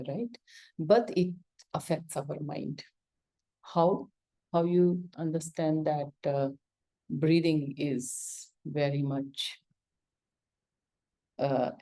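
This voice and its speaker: A woman's voice: low-pitched, warm tone. A woman with an Indian accent teaching a yoga lesson, coaxing answers from her student with questions and acted-out examples.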